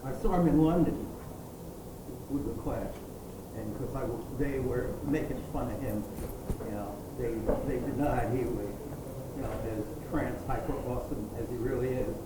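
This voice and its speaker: A man chats softly, recalling a memory in casual conversation. His voice is mellow and dark at a middling pitch. A faint hiss sits under the recording. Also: normal speed, pauses often, poor audio. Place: bar.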